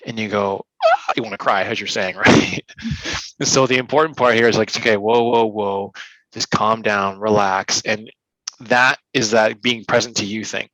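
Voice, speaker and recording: Bright-voiced man giving coaching advice. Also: fairly low pitch, moderate pace, dry recording, rough recording. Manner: energetic, acts out little scenes in quoted voices. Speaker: speaker and coach. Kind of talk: interview answers, coaching advice.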